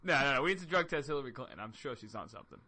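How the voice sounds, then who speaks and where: A man's voice: medium pitch, big pitch swings, racing, pushed and bright. A man in his twenties hosting a talk radio show, joking and teasing in casual banter. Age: 20s.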